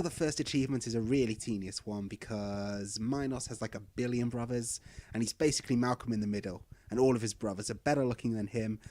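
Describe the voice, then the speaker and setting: A man's voice: mid-range voice, poor audio. Sardonic male comic storyteller. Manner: sardonic, irreverent, deadpan asides. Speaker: narrator reading a humorous post. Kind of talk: comedic storytelling reading.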